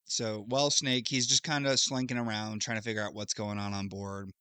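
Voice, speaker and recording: Brief: podcast co-host, male, lowish voice with a bright edge, dry close sound, rambling casual plot recap. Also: flat delivery, fairly quick, clean tone, no echo. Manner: loose storytelling recap, thinks aloud with fillers. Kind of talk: casual chat.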